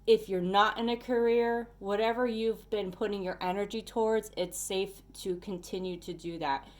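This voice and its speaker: A woman at home giving a casual tarot reading to her viewers, chatty and animated, talking straight to the listener. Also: mid-range voice, moderate pace. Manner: sings snatches of songs and talks to bugs. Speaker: tarot reader. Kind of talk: casual weekly energy reading.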